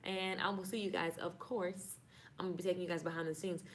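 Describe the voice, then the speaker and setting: A woman's voice: on the low side, flat delivery, fast talker, slight background noise. A woman with a Southern US accent, chatting casually and playfully on a live stream about marketing. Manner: chatty, playful, signs off again and again.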